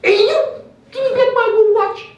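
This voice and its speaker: A shrill, outraged robbed man, as a teacher puts him on, bellows after a thief in an exaggerated, cartoonish squeal. The voice jumps far above a normal speaking pitch and hits hard. It echoes through a classroom, heard from well away from the mic. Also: steady tone, normal speed, dull audio.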